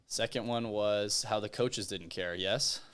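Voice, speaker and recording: A man's voice: lowish voice, a little slow, clear, resonant tone. A young man from Texas, a guest author, telling a personal story in casual chat and acting out the voices of the people in it. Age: young adult. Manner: animated, acts out quoted voices.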